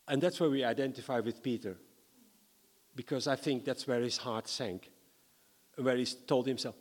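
A man from the Netherlands, preaching a sermon in a lively, humorous way and reading scripture dramatically. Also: medium pitch, normal speed, pauses often, big-room sound.

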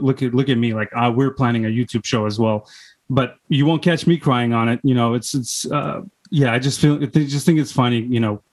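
A man's voice: medium pitch, a little mellow. A man hosting a casual podcast, rambling and cutting himself off. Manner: rambling, self-interrupting. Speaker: podcast host.

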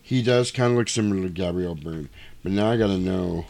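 Low-voiced man cracking crude jokes. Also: fairly quick, creaky, a little mellow. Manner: crude, joking, acts out scenes. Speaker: podcast co-host. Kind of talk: casual chat.

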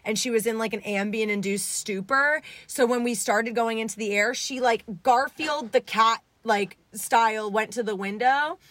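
A young woman telling a story in a casual interview, lively and acting out the voices of people she quotes. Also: on the high side, normal speed, hardly any pauses, dry recording. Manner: animated, acts out quoted voices. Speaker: guest, essay writer.

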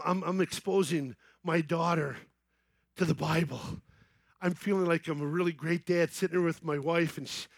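High-voiced man preaching a lively story. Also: dry recording. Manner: storytelling, building to excited shouting. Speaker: festival speaker. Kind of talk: evangelistic youth sermon. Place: large outdoor festival main stage.

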